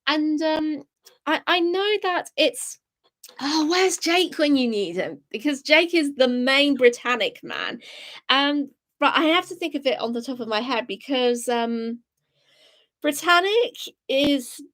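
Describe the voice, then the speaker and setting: Bubbly young gal on a live stream, high voice, gasps and chatters back to the comments. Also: female voice, measured pace. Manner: bubbly, reads chat comments aloud, excitable gasps. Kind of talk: casual live stream chat.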